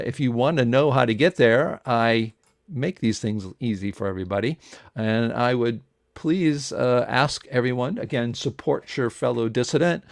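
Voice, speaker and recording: A man's voice: mid-range voice, smooth, dry recording, clean studio sound. A man hosting an online interview, rambling along with many fillers and restarts. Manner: rambling, filler-heavy delivery. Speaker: host.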